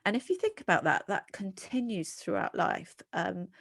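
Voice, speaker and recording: A middle-aged British woman being interviewed as a psychologist, talking earnestly and animatedly with quick restarts. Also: mid-range voice, sing-song, gravelly, fairly bright tone. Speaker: guest psychologist. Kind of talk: podcast interview.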